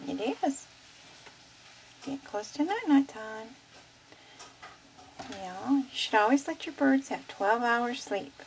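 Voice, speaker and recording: Slow, sing-song woman coaxing her bird. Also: fairly high pitch, lively intonation, slight background noise, low-quality recording. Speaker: bird owner filming her pet. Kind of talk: casual home video, coaxing a pet bird. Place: quiet home. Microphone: handheld camera.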